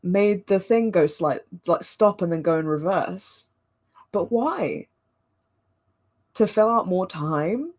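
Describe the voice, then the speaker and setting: Low-voiced woman in chatty commentary. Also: lively intonation, darkish tone. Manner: chatty, self-mocking, quick to laugh. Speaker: host watching back her old videos. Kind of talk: casual watch-along commentary.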